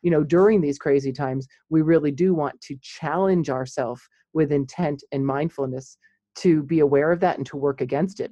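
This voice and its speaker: Animated woman psychologist telling stories. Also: sits low, dry recording. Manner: animated storyteller, laughs often. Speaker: clinical psychologist. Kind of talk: casual chat on psychology.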